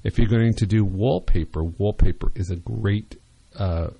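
A man hosts a radio talk show and gives decorating advice in a loose, rambling way full of fillers and restarts. His voice sits very low and sounds mellow. The studio sound is dry and close. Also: normal speed, gravelly, breathy edge, no room sound, dull audio. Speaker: radio show host, interior designer.

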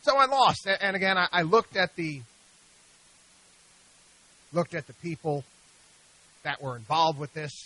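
A middle-aged man hosts a radio talk show from a studio, his voice high and bright as he argues in an exasperated, animated way. He keeps stumbling, repeating himself and restarting his sentences. The sound is close and dry, with no room in it. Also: a little slow, pauses often, no echo, poor audio. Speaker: radio show host, investment advisor.

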